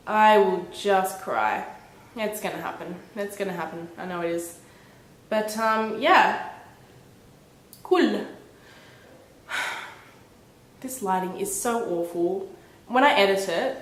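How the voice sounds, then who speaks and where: A woman in her twenties chatting casually to her camera at home, telling a story with lively, bubbly energy. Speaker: vlogger. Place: indoors at home, a small room. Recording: echoey room with faint rumble.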